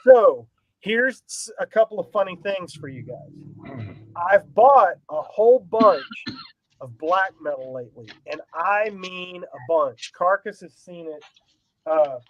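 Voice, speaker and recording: A man's voice: sits high, expressive, slow, muffled recording, a little hiss or hum. A man co-hosting a casual podcast chat, rambling and self-deprecating, laughing often. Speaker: podcast co-host.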